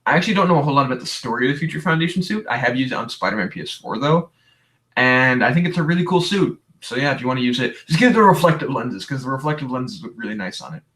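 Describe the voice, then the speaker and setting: A man's voice: medium pitch, animated, fast talker, fairly bright tone. A young man from Canada hosting a livestream, chatting casually and rambling through viewer questions with many restarts, tired today. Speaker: livestream host.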